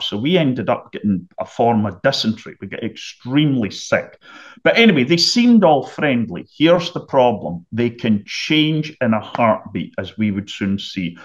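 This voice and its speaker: A middle-aged man from the United Kingdom, a podcast guest telling a vivid story and often clearing his throat. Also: mid-range voice, muffled recording. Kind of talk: storytelling anecdote.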